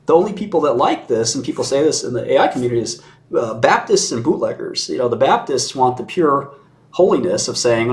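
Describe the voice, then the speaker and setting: A man's voice: mid-range voice, very animated, fairly quick. A man in a casual conversation who talks in an opinionated and sarcastic way, chuckling mid-sentence and mimicking others in mocking voices.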